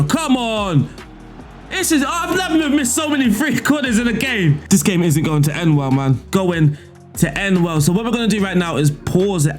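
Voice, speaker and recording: Man, gameplay commentator, higher-pitched, excitable, faint music bed. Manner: excitable, shouts at misses, swears mildly. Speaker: video game streamer. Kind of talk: gameplay commentary and tactics breakdown.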